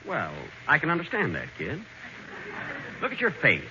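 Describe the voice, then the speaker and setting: A man playing a vain, self-satisfied glamour boy in a 1940s radio comedy, boasting in a dry, deadpan way. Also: on the high side, normal speed. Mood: smug. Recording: muffled hissy 1940s radio broadcast.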